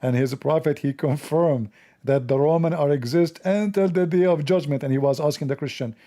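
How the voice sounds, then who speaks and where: Fairly high-pitched, brisk and mellow, this man hosts a mocking religious commentary show. He speaks in broken English, his tone sarcastic and scornful.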